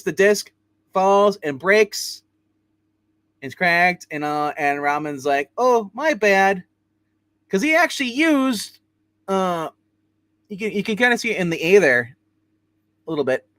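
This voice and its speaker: A man hosting a casual comic book review, rambling through the plot with plenty of fillers and quick put-on character voices. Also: high voice, very animated, a bit bright, dry recording.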